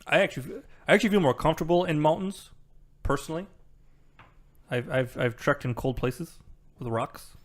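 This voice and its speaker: A man's voice: a little high, expressive, moderate pace, long pauses. A young man playing a tabletop game, chatting casually with rambling, stammering banter. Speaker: player.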